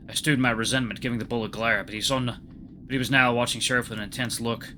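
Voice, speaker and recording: A man hosting a let's play, reading a visual novel aloud with animated delivery. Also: mid-range voice, fast talker. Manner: animated reading, playing the main character.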